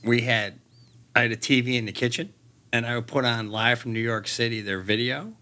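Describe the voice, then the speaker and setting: A man's voice: medium pitch, steady tone, fairly quick, sharp tone. A man who is an executive chef, chatting enthusiastically and emphatically on a podcast. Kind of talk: casual podcast chat.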